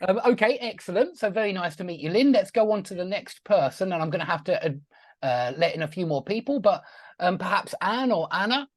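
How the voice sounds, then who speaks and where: A man's voice: high voice, animated, a little fast, no room sound, studio quality. A man teaching an online English class over a video call, friendly and chatty, asking his students questions.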